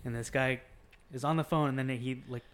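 A man chatting casually on a podcast, cursing freely and telling stories with animated energy. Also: medium pitch, brisk. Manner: profane, animated storyteller. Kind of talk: casual chat.

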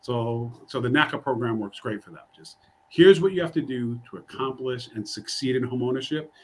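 A man from New York talking casually on a podcast, energetic, with many fillers and restarts. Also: mid-range voice, moderate pace. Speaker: program staff on podcast. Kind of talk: casual chat.

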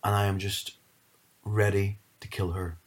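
A man's voice: fairly low pitch, measured pace, slight background noise. A man, chatting casually and animatedly retelling a story. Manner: animated storyteller, mimics his mum.

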